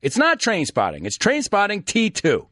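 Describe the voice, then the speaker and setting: Brief: chatty New York host, lively swooping pitch, dry close sound. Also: male voice, normal speed, no room sound. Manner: animated, chatty, laughs often. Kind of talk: casual chat with live audience. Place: studio.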